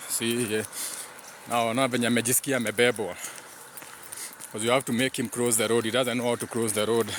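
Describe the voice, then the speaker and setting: A man chats and jokes on a live stream as he walks his dog by a road. His voice sits at an ordinary middle pitch. Outdoor noise, animals and passing traffic come through clearly behind him. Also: fairly bright tone. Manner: chatty, mixing in Swahili phrases, joking. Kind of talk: casual live stream chat while walking his dog.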